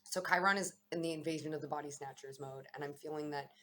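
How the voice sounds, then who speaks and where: Low-voiced woman musing on spiritual energies. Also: steady tone, fast, pushed and bright. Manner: meandering, reflective, self-correcting. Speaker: astrology vlogger. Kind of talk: casual spiritual musing to camera.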